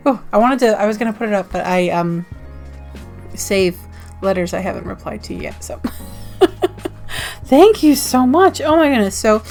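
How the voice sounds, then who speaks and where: An American woman rambling cheerfully through a casual vlog chat, breaking into giggles between thoughts. Her voice sits at a middling pitch, with faint music playing quietly underneath. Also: animated, moderate pace, pauses often. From United States. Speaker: zine vlogger.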